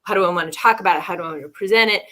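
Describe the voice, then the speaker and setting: Female co-host, bright-voiced leadership coach, open and reflective. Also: on the low side, rapid-fire. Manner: reflective, laughs often, many restarts. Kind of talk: candid casual conversation.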